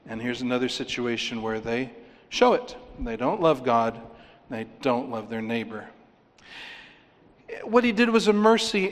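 Preaching in what sounds like a big hall with lingering reverb, this pastor lifts his fairly high voice for important points and lowers it to make others land.

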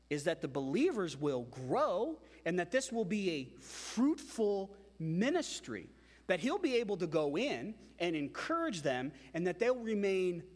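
A man preaching a sermon as pastor, emphatic and animated, with frequent repetitions. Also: high-pitched, in a large hall.

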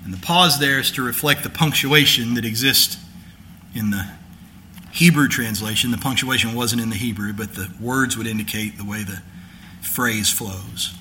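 A man's voice: medium pitch, normal speed, bright, forceful tone, a little hiss or hum. A male pastor preaching a sermon in a conversational teaching manner, building to emphatic declarations.

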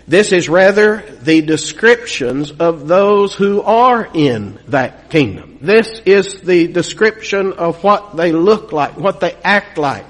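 A man from the United States delivers a sermon in a somewhat husky voice that sits a little high. He talks earnestly and often repeats words. His delivery climbs to emphatic, insistent peaks. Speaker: preacher.

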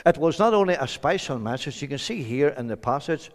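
Northern Irish male preacher, high voice, soft-to-shouting delivery, church hall echo. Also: expressive, fairly quick. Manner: swings between quiet low lines and loud shouted emphasis. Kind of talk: evangelistic sermon. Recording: hall reverb.

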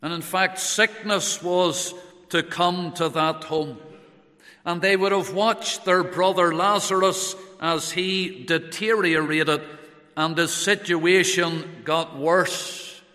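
Slow, bright-voiced male preacher in a reverberant hall. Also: high-pitched, fairly even intonation. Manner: slow, measured preaching with Bible quotations in old English. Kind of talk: sermon.

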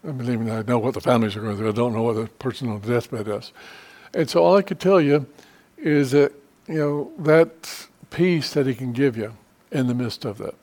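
A man's voice: mid-range voice, brisk, a little mellow. A middle-aged man teaching a church Bible study in an earnest, conversational way, with frequent restarts and fillers.

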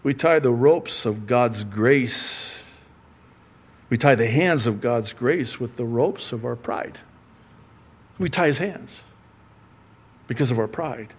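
A man preaching a sermon as pastor, conversational and playful, with lively asides and acted-out quotes. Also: medium pitch, slow pace, long pauses, slightly rough. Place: church sanctuary.

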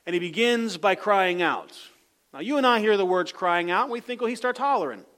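High-voiced preacher, loud then hushed. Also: male voice, expressive, moderate pace. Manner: swings from loud emphatic calls to soft low asides. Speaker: pastor. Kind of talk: sermon.

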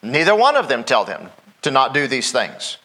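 A man's voice: medium pitch, huge pitch swings, normal speed, sharp tone. A middle-aged man, a pastor preaching a sermon in a folksy way, often asking the congregation "Amen?".

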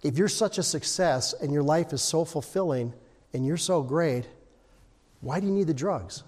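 An older man preaches in a loose, conversational way, tossing questions to the room and humming bits of songs. His voice sits high for a man. The sound carries a long echo from a large hall. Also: moderate pace, a little mellow. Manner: conversational, asks the congregation questions, hums and sings snippets. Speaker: pastor. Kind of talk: informal sermon.

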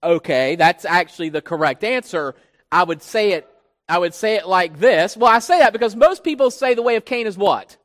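A man's voice: sits high, animated, normal speed, fairly bright tone. A man preaching an expository sermon in a church, emphatic and teacherly, putting questions to the congregation. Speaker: pastor. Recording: long hall reverb.

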